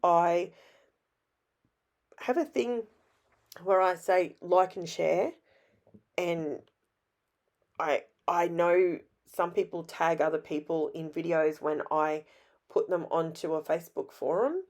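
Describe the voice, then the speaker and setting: A middle-aged Australian woman with a hoarse, raspy voice, chatting in a rambling, self-deprecating way as she narrates her scrapbooking. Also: lowish voice, slow pace, long pauses, a little mellow. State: hoarse from illness. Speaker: scrapbooking vlogger. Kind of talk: casual voice-over narration.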